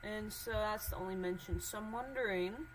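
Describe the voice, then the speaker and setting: A woman's voice: mid-range voice, moderate pace, noisy background. A woman podcast host in casual commentary, thinking aloud as she searches documents, curious and suspicious, with many fillers.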